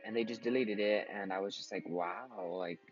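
A man's voice: fairly low pitch, steady tone, quick pace, highs cut off, faint music behind. A tired young man in his twenties giving rambling, casual commentary while playing a computer game, swearing often and breaking into sudden outbursts. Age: 20s. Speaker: gaming vlogger.

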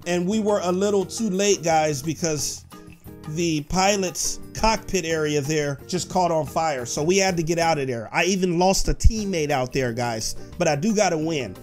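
A man hosting excited gameplay commentary, talking to his viewers and shouting when the action peaks. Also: fairly high pitch, moderate pace, soft background music. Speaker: gaming host.

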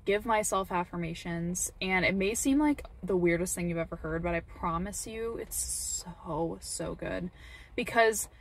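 A woman's voice: fairly low pitch, a little slow, creaky. A woman vlogging in an earnest, heartfelt way, encouraging her viewers and repeating words for emphasis. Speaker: vlogger, parent. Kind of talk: earnest personal talk to camera. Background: faint rain.

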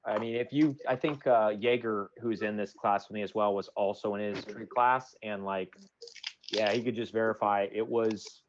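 A man's voice: on the low side, dull audio, a little hiss or hum. A young man, a student, chatting casually with his teacher and filling his talk with "like" and "man.". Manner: chatty, heavy use of fillers like "like" and "man". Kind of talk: casual chat.

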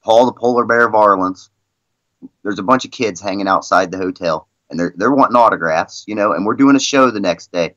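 A man's voice: fairly low pitch, brisk, a bit bright, no room sound, muffled recording. A man guest on a podcast, telling stories in a rambling, casual way with lots of "you know" and "I mean". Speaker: guest, league president. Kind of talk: casual storytelling in a podcast interview.

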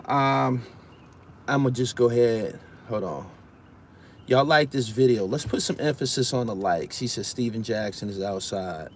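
He's from Brooklyn and talks at an unhurried pace in a medium-pitched voice, with a faint hiss or hum underneath. On his casual live stream, he reads viewer comments and shares his views, cursing freely.

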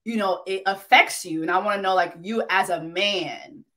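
A woman hosting a casual interview, animated and teasing, repeating words for emphasis. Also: mid-range voice, moderate pace. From Haitian immigrant family. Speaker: host.

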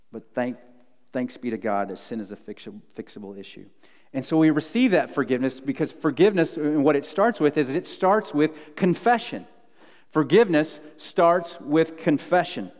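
A male pastor preaching a sermon, earnest, moving between loud emphasis and hushed low tones. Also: long reverb tail. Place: church sanctuary.

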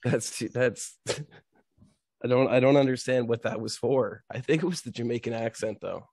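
A man in loose comedy podcast banter, teasing his co-host and sounding incredulous. His voice is mid-pitched. The sound is dry and close. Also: moderate pace, darkish tone, husky, no room sound.

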